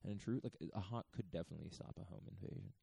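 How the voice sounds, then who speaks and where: A man hosting a podcast, talking in a hushed, half-whispered ramble full of swearing and chuckles. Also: low-pitched, very fast, gravelly, breathy edge, no room sound. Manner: profane, digressive, chuckling. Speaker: podcast host. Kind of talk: rambling comic monologue. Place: renovated church getaway, indoors.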